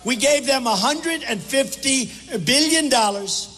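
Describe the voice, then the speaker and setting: A man's voice: very high voice, animated, unhurried, sharp tone. An older man giving a rambling, repetitive, combative rally speech at a podium microphone. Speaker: political candidate. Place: airport hangar rally with crowd. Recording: echoey hall, faint background noise.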